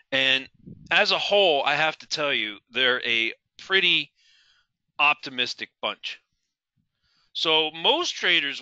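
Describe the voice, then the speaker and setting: Middle-aged male webinar instructor, fairly high and very bright voice, emphatic and questioning. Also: dry recording, highs cut off. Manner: asks the audience questions, emphatic, repeats key words. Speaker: trading instructor. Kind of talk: live webinar teaching.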